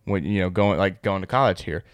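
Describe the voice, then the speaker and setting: Fast-talking low-voiced male co-host. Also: no room sound. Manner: explains at length, builds points in long run-on sentences. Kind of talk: casual chat.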